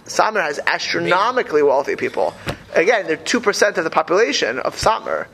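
A man with a high-pitched, gravelly voice talks casually. He rambles in an animated way and keeps restarting his sentences. Faint noise sits under the recording. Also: brisk, rough recording. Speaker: speaker. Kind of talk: casual talk on religious community life.

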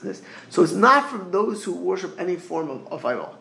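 A man's voice: high-pitched, sing-song, brisk, vocal fry, bright, forceful tone, roomy sound, low-quality recording. A man teaching as a rabbi in a Torah lecture, mixing Hebrew phrases into English and often repeating words as he searches for the next one.

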